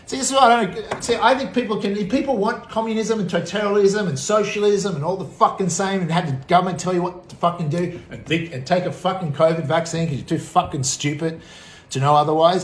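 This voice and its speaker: A combative Australian man rants with crude, profane language. His voice sits a little higher than most men's, and it swings from near-shouts down to low mutters. The room around him is bright and echoey. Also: quick pace. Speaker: vlogger. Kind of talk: angry political rant.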